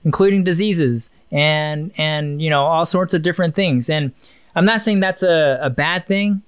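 A man's voice: on the high side, normal speed, clear, resonant tone, no echo, clean studio sound. A man co-hosting a casual podcast, thinking aloud in a musing, rambling way with many restarts. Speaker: podcast co-host.

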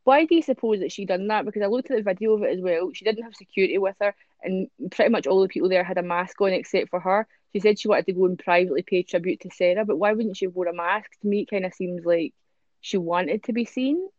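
A woman's voice: medium pitch, fast talker, a little mellow, dry recording, lo-fi sound. A woman hosting a podcast, chatting casually with many fillers and reading out newspaper stories. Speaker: podcast host.

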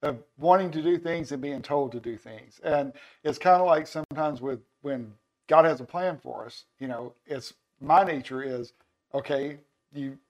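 Chatty podcast host, slightly higher voice. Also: male voice, normal speed. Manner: chatty, asks questions, jokes. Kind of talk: casual interview.

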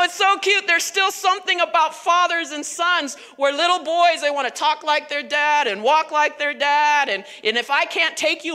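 Woman preaching at church, high bright voice, chatty and emphatic, big echoey hall. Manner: animated, emphatic, conversational. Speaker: pastor. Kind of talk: sermon. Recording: long reverb of a large hall.

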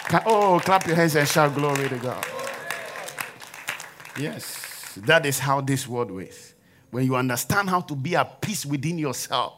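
A man's voice: on the high side, background noise. A man preaching a sermon in a church, leading the congregation in call-and-response and forced laughter.

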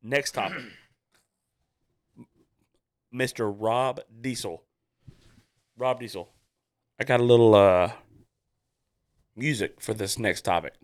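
A man's voice: on the low side, slow, pauses often. A married man hosting a podcast, joking loosely and moving the group from topic to topic. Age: adult, married. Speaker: podcast host. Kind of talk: casual chat.

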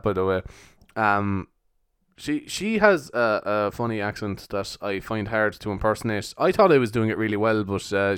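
A man's voice: lowish voice, clean tone, no room sound, studio quality. Rambling young man with a Cork accent. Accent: Cork Irish. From Cork, Ireland. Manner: jokey, rambling, swears casually. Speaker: podcast host. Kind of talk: rambling solo podcast chat.

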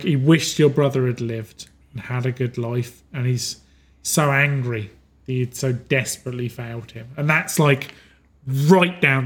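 A man running a tabletop game as game master, narrating haltingly with many pauses and filler sounds. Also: mid-range voice, a bit bright. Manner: halting, full of ums, slows for grim scenes.

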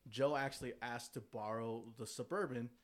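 A man's voice: medium pitch, steady tone, normal speed. A young man in casual chat, telling a story with easy slang and frequent swearing. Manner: laid-back slangy storytelling, swears often. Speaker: friend in a group chat.

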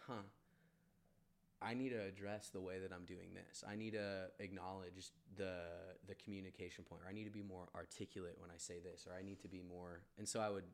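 A man, a podcast guest, talking casually and candidly, swearing freely, rambling with restarts and bursting into laughter. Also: gravelly. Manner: laughs often, jumps up sharply in pitch when amused. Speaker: podcast guest, barbershop owner. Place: studio room, leaning against a wall.

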